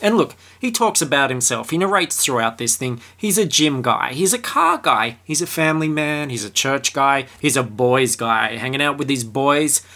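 Bright-voiced man giving a crude comic film review. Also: medium pitch. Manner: irreverent, crude and sarcastic. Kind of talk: comedic film review monologue.

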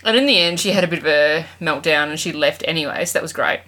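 Bright, sweary woman chatting. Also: low voice, fast. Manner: sweary, animated retelling with mock quotes. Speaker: podcast co-host. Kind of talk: casual chat.

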